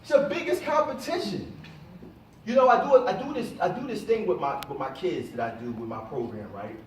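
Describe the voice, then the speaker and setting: A middle-aged man giving an animated motivational talk to a live audience and calling on them to answer. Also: high-pitched, a little fast, a little hiss or hum. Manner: animated, calls on the audience for responses. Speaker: motivational speaker. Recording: echoey room, voice from a distance.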